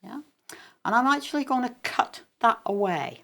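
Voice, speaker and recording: A woman, a quilting expert, explaining a craft demonstration on a shopping channel in a chatty way with frequent pauses. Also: fairly high pitch, expressive, gravelly, a bit bright.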